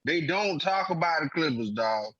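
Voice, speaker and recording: A man with a fairly high, slightly rough voice at a moderate pace co-hosts a sports podcast. He makes his points emphatically and animatedly in heavy slang, over dull lo-fi audio.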